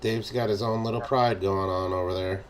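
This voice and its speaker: A man's voice: lowish voice, steady tone, normal speed, a crowd in the background. A man in a casual podcast chat, making dry wisecracks.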